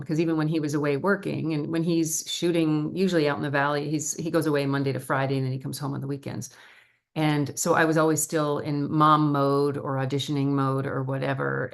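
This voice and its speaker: Middle-aged woman with a low, gravelly voice. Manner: chatty, animated storyteller with laughs. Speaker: actor, interview guest. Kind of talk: casual interview chat.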